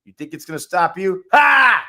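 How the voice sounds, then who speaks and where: A man co-hosting a podcast, giving an emphatic, energetic pep talk. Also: on the high side, brisk. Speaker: podcast co-host.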